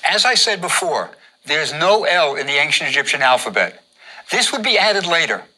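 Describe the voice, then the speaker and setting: A man's voice: fairly high pitch, sing-song, moderate pace, bright, forceful tone, a little hiss or hum, poor audio. A man teaching how to draw hieroglyphs, giving patient step-by-step instructions and repeating each step. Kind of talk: step-by-step drawing lesson.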